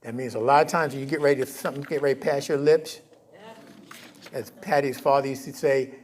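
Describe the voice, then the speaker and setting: A man giving a conversational sermon in a church, often checking in with his congregation and rising in pitch for emphasis. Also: fairly quick. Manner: conversational, keeps checking in with "okay?"; animated, rises in pitch and volume for emphasis. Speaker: minister.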